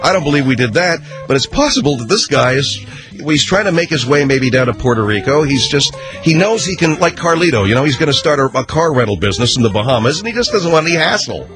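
A man's voice: fairly high pitch, animated, fast, over music. A man hosting a radio talk show, riffing sarcastically through a comedic monologue. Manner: sarcastic, riffing, acts out skits.

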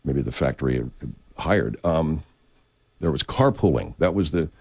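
Deep-voiced man rambling with heavy swearing. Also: animated, unhurried, gravelly, a little mellow, husky. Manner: profane, digressive, frequent restarts. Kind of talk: casual rambling chat. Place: California.

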